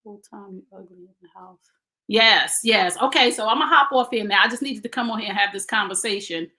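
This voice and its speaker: Bright-voiced woman in her fifties. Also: medium pitch, fairly quick. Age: 50s. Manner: blunt and preachy, addressing viewers directly. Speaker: relationship advice live streamer. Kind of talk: casual live-stream talk.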